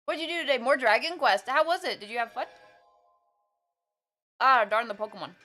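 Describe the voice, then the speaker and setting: Woman, live streamer, casual chat, excitable, swooping pitch. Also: moderate pace, soft background music. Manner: excitable, laughs often, talks while eating.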